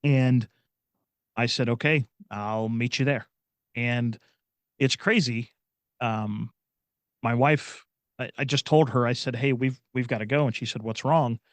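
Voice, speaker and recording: A middle-aged man from Indiana telling a personal story as a podcast guest, earnest and halting, often restarting his sentences. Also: medium pitch, steady tone, no echo. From Indiana, USA. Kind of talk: personal storytelling in casual chat.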